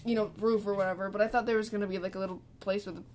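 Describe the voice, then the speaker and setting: A woman's voice: mid-range voice, steady tone, racing, a little mellow, slight background noise. A teenage girl co-hosting a podcast, telling a story in a casual, chatty way with lots of fillers and acted-out quotes. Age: teens. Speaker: podcast co-host. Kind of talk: casual chat.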